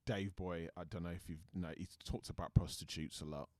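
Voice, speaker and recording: A man's voice: sits low, fairly even intonation, a little fast, darkish tone, dry recording. A British man, an actor guest, chatting thoughtfully in an interview and often restarting his sentences. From Britain. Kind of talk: casual interview chat.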